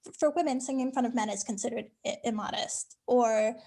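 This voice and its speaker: Chatty high-voiced woman on a video call. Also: fairly quick. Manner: animated storytelling, laughs often. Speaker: speech language pathologist. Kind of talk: casual chat on a video call.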